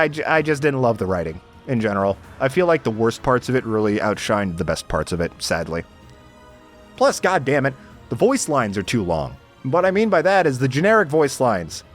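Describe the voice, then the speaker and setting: A man's voice: mid-range voice, sing-song, moderate pace, faint music behind. A young man giving casual, exasperated game commentary, sarcastic and swearing often.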